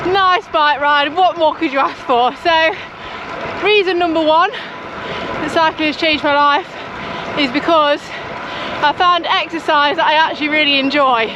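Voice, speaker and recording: A young woman talking as she cycles, a chatty and upbeat vlogger who is out of breath from pedalling. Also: high-pitched. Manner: chatty and upbeat, with loud whoops. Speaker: cycling vlogger. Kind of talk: casual vlog chat while riding. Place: outdoors on country roads, riding a bike. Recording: outdoor ride with road and wind noise.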